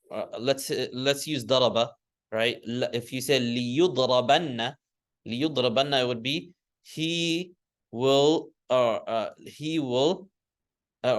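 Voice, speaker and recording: A man's voice: mid-range voice, a bit bright. Man teaching a class, correcting himself. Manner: explains step by step, corrects himself often, chants word forms for the class to repeat. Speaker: Arabic grammar teacher. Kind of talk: classroom lesson.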